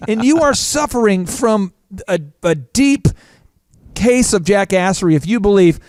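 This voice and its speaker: A man's voice: sits high, lively intonation, a little mellow, no room sound, studio quality. A man co-hosting a business podcast, telling stories in a joking, playful way and acting out the people in them. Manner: fast, playful storytelling with quoted voices. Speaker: podcast co-host.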